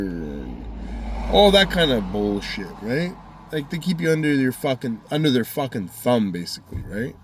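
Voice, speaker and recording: A man's voice: mid-range voice, very animated, normal speed, a little hiss or hum. A man rambling through a heated, profanity-filled personal story as a vlogger. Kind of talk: casual storytelling monologue.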